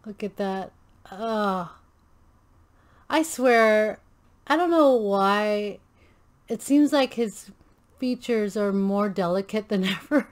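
This casual reaction commentary comes from a Filipino American woman whose mid-range voice is slow and pauses often. She gushes while thinking aloud, full of fillers and restarts.

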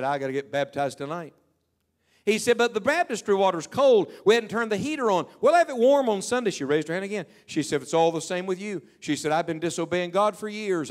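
A middle-aged man preaching a sermon, telling stories and dropping to a hush when he quotes people. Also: a little high. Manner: storytelling preaching, quoting people in hushed tones.

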